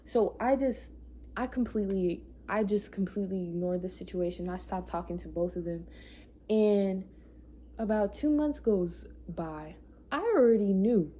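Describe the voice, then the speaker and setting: A woman's voice: medium pitch, normal speed, mellow. A young adult woman telling a personal story in a casual vlog, emotional and profane, often repeating herself for emphasis. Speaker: vlogger.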